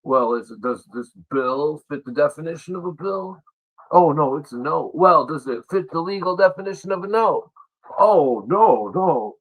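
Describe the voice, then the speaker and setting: A man's voice: a little high, lively intonation, moderate pace, poor audio. A man hosting a livestream, delivering an angry, sarcastic political rant full of swearing. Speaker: livestream host.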